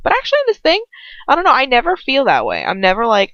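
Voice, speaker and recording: A woman's voice: high-pitched, wildly swooping pitch, fast talker, a bit bright, no room sound. A young woman reading fan fiction aloud who breaks off into blunt, rambling casual commentary, swearing freely. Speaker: fanfiction reader. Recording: dull lo-fi home recording.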